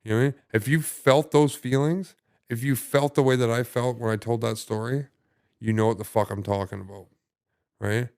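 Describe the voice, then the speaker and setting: A man telling his story as a podcast guest in casual conversation, halting and profane, full of restarts and fillers. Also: medium pitch, fairly even intonation, darkish tone, clean tone, no room sound, clean studio sound.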